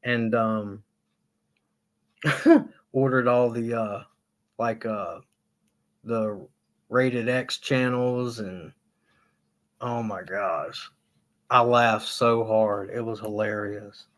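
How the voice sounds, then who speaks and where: A man hosting a casual live stream, rambling and laughing a lot as he retells funny stories, sometimes jumping into high squealing impressions and swearing freely. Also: fairly even intonation, extremely slow, pauses often, fairly bright tone.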